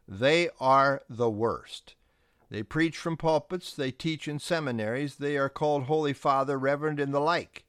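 Male pastor, middle pitch, preaching forcefully with pointed emphasis, dry close recording. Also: no echo. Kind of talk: sermon.

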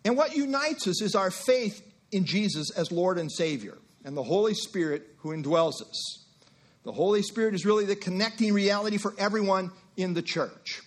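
High-voiced man preaching conversationally. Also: lively intonation, normal speed. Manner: conversational preaching with asides and acted-out dialogue. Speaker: pastor. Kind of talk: sermon.

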